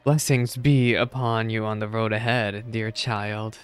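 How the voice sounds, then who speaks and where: A man voicing a serene, wise male deity, reading game dialogue aloud in a soft, measured, solemn way. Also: lowish voice, flat delivery, clean tone, soft background music, close to an everyday voice. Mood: calm, consoling.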